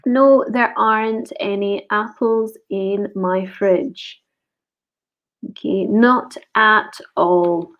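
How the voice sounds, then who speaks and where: A woman teaching an online grammar lesson, slowly repeating each example sentence. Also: medium pitch, fairly even intonation. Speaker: English teacher. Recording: dull lo-fi recording.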